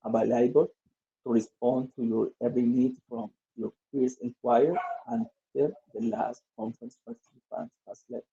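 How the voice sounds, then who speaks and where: A man's voice: mid-range voice, creaky, mellow. A male English teacher, reading exercises aloud and drilling word stress in an online lesson. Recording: dull lo-fi audio.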